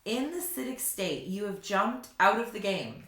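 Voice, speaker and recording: A woman giving a slow, reflective spiritual teaching in a vlog, sometimes laughing at herself. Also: medium pitch, expressive, fairly bright tone. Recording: roomy echo.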